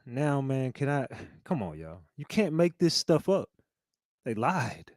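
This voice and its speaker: A man hosting a casual reaction commentary, excitable and profane, calling out to viewers as y'all. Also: medium pitch, a little slow, dry recording. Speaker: host reacting to clips.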